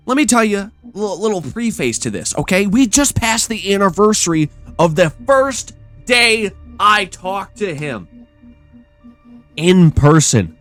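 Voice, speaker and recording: A man with a high, slightly bright voice hosts a podcast, telling stories as an exasperated, profane, casual rant. The recording is dry.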